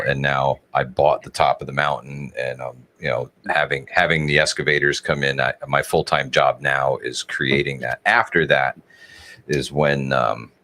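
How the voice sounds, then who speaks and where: A livestream host with an extremely deep voice. He talks in a halting way, restarting and repeating words as he goes. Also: sharp tone. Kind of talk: casual chat.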